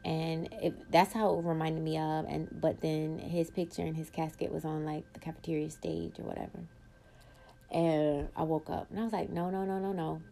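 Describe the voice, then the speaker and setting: A woman's voice: deep voice, little pitch movement, moderate pace, vocal fry, dark tone. A woman hosting her own podcast, telling a personal story bluntly, with frequent swearing and emphatic bursts. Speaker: podcast host.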